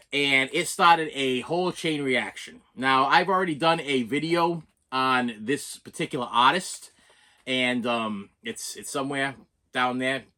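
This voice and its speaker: A collector vlogger with a Boston accent talks casually through an unboxing in a mid-range voice that sounds pushed and bright. He rambles, pokes fun at himself, and frequently restarts his sentences.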